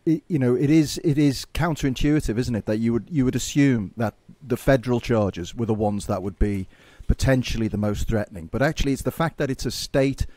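A man co-hosting a political podcast who talks in an animated way, stammering as he starts sentences and asking rhetorical questions. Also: medium pitch, brisk, hardly any pauses, no room sound. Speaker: podcast co-host. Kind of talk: casual political chat.

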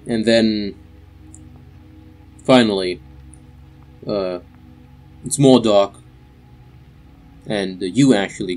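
A man's voice: lowish voice, a little mellow. A young man narrating as game master for a tabletop game, in a loose, rambling way with many fillers.

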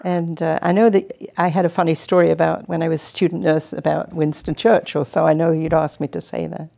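A woman in her seventies from England, a guest telling chatty, lively stories in a TV interview. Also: deep voice, fairly quick, vocal fry. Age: 70s. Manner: chatty, animated anecdotes. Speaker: guest, retired nurse. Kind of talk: casual storytelling interview. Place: community TV studio.

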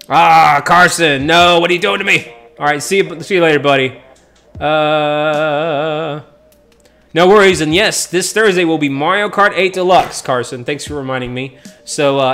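An upbeat man hosts a live gaming stream, greeting viewers by name and ribbing them in easygoing chat. His voice sits a bit high for a man, and soft game music runs underneath. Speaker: streamer playing online matches with viewers.

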